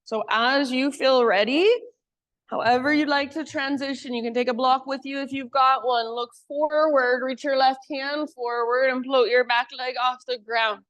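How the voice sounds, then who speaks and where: A woman teacher guiding a live yoga class with calm, encouraging cues. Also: high-pitched, normal speed, no echo.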